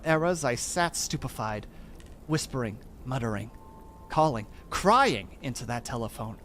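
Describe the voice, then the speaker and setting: A man reads a horror story aloud with a lively, swinging delivery, rising and dropping in pitch for drama. He trips over words and corrects himself as he goes, at a middling pitch, with a faint hum of background noise. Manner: stumbles over words and restarts them. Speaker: streamer reading aloud.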